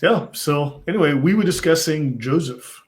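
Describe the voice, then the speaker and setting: A man's voice: a little high, lively intonation, normal speed. A man hosting a casual conversational discussion, rambling and often hedging with "I mean". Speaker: host.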